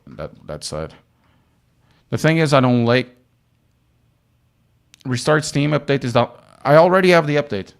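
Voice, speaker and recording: A man streaming a racing sim, chatting casually with his viewers, often cutting himself off mid-sentence. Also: medium pitch. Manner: fidgety, self-interrupting, talks to chat while fixing audio. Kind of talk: casual live stream chat while driving.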